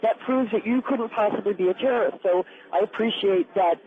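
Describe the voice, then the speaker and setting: A female caller explaining things calmly and patiently. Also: mid-range voice, a little fast. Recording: tinny phone line.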